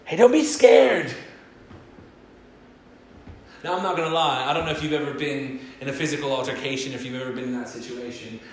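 A man's voice: medium pitch, quick pace, a little hiss or hum. A man preaching a sermon as pastor, telling stories animatedly and acting out the voices of the people in them. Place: church hall. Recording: roomy church hall sound.

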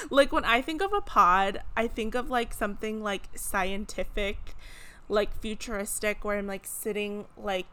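A woman's voice: medium pitch, a little slow, bright, forceful tone, clear, resonant tone. Chatty playful woman podcast host. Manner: chatty and playful, lots of "like" and laughs. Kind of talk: casual solo podcast chat.

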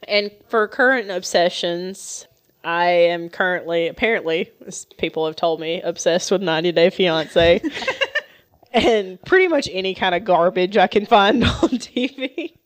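A woman's voice: fairly low pitch, measured pace. A woman in her twenties with a Southern US accent, co-hosting a podcast in a giggly, rambling chat. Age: 20s. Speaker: podcast co-host. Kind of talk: casual chat.

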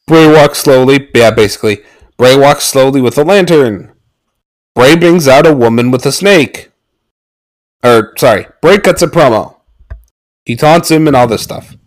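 Sarcastic man recapping with animated pitch. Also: unhurried, long pauses, poor audio. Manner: sarcastic, mock-excited outbursts. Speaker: podcast host recapping a wrestling match.

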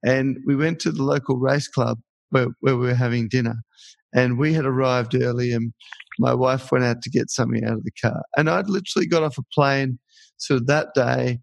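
Gravelly man telling a story. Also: medium pitch, fairly even intonation, a little fast, no room sound. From Australia. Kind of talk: casual storytelling.

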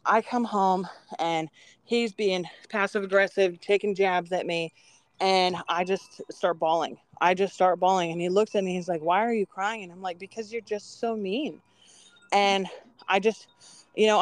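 Woman podcast co-host, smooth clear voice, dry close sound, earnest and rambling, lots of ums. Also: mid-range voice, no echo. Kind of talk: casual podcast chat.

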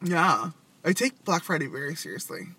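Young adult male, chatty storyteller, high and bright voice, lively quotes. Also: normal speed, vocal fry, breathy edge, dry recording. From Vietnamese family background. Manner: animated storytelling, loud acted quotes. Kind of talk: casual chat.

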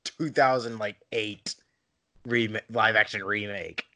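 A man chatting casually as a podcast co-host, relaxed and easygoing. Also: lowish voice, a little slow. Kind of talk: casual chat.

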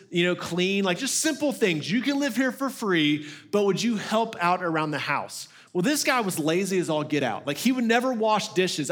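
A man with a fairly high, light voice preaches a sermon. He talks in a casual, conversational way and acts out the lines of the people in his stories. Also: fairly bright tone. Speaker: lead pastor.

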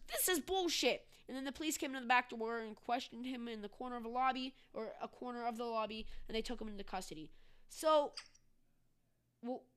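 A woman's voice: fairly high pitch, a bit bright, clean tone. A woman hosting a casual political commentary podcast, ranting sarcastically. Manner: sarcastic, ranting, mocks with put-on voices. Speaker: podcast host.

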